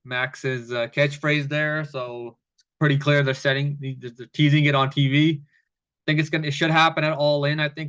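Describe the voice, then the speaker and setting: A man's voice: mid-range voice, fairly bright tone, clear, resonant tone. A man recaps last night's wrestling in a loose, rambling way, swearing freely and laughing at the silly bits. His voice sits mid-range and comes through a dull, lo-fi recording. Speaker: wrestling show reviewer. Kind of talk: casual recap commentary.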